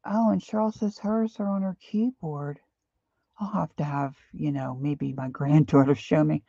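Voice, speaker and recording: Slow gravelly older woman painting live. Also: sits low, fairly even intonation, mellow, dry recording, dull audio. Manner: chatty, rambling, reads viewer comments aloud. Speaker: painting instructor. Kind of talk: live painting stream chat.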